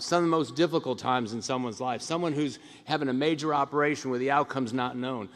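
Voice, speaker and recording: A middle-aged man giving a commencement speech as a hospital administrator, telling stories and acting out the voices of the people in them, with frequent restarts. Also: medium pitch. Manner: animated storyteller who acts out quoted voices, frequent restarts. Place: large ceremony hall. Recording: long reverb of a large hall.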